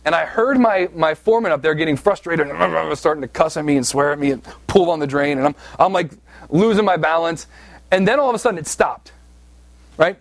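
A man's voice: a little high, a little fast, vocal fry, no echo. A man from southeast Pennsylvania preaching a sermon, telling a personal story in a conversational, self-deprecating way with frequent "right?" asides. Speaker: pastor.

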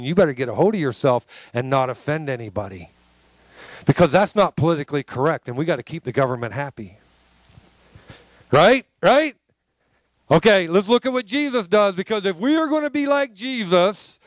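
A man's voice: high-pitched, dry recording. A man preaching a sermon to a congregation, emphatic and conversational, calling out for responses. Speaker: pastor.

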